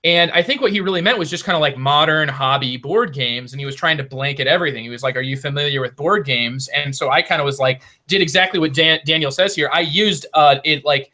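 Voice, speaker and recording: A man's voice: a little high, fast talker, hardly any pauses, sharp tone. A young man telling a long story in a casual board game podcast chat, full of restarts and asides. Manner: rambling storyteller with many restarts. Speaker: podcast co-host.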